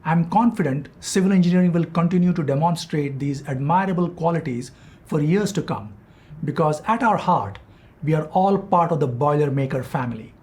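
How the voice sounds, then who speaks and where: Man reading a formal welcome speech, grateful, kinda higher voice. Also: moderate pace, darkish tone. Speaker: school head giving a welcome.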